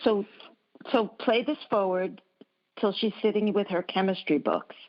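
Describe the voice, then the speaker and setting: A woman psychologist, a guest on a talk show, giving calm and reassuring advice in a measured way. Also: medium pitch, muffled recording. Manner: measured, reassuring, slows down to stress points.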